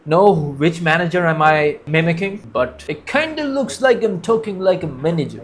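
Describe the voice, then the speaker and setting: High-voiced man chatting about football. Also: lively intonation, normal speed. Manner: chatty, joking, addresses viewers directly. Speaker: football channel host. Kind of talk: casual football vlog.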